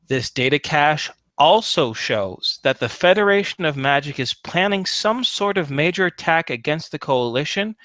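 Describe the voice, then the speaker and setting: A man running a tabletop game, his voice bright and forward. The sound is dry and close, with no room around it. He talks in a wordy, friendly way and drops quick apologies. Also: on the high side, no room sound. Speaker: game master. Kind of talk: narrating a tabletop game over voice chat.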